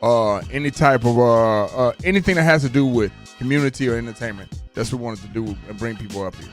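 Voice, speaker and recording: A man hosting a casual podcast interview, talking loud like a radio host and laughing often. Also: mid-range voice, fast talker, soft background music. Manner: loud, radio-style delivery.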